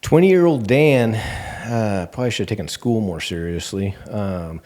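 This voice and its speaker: A man's voice: on the low side, unhurried. A man with a Texan accent, a bank CEO guest telling stories in a casual interview and acting out the dialogue with plenty of fillers. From Texas Panhandle. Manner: animated, acts out quoted dialogue with many fillers.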